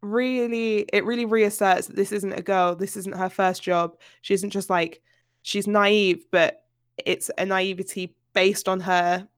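A woman's voice: mid-range voice, fairly even intonation, measured pace, clear, resonant tone, no room sound, studio quality. A woman co-hosting a podcast, talking animatedly about a book and laughing often. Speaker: podcast co-host. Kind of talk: casual book discussion.

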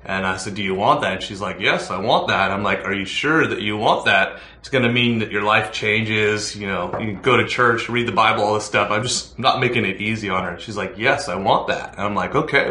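A man's voice: on the low side, brisk, pushed and bright. A man casually recounting his part of a church story in a matter-of-fact way. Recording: echoey room.

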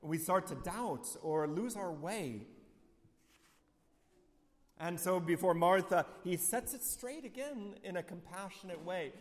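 A male priest delivers a homily in a slightly high voice. He speaks slowly and reflectively, falling quiet and low on key lines. His words echo with the long reverb of a large church hall. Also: animated.

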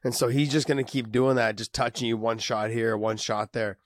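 A man with a cold and a raspy voice, breaking down fights in a casual, emphatic way, often restarting his sentences. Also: medium pitch, level tone, moderate pace, no room sound. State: has a cold, raspy voice and coughing. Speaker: co-host, fighter analyst.

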